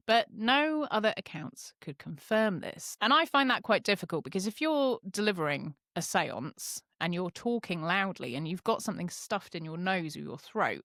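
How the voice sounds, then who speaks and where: British woman, podcast co-host, animated pitch, dry close-mic sound. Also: dry recording. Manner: narrates a case, laughing often between lines. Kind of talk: casual storytelling podcast.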